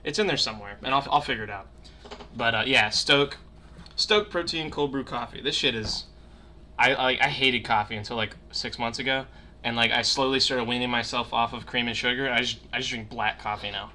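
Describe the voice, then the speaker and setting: A young man with a bright, forward voice chats casually on a livestream. He rambles, swears freely and leans on fillers, talking into a webcam mic on a call from his room at home. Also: mid-range voice, a little fast, slight background noise. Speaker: streamer podcast host. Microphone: webcam mic on a video call.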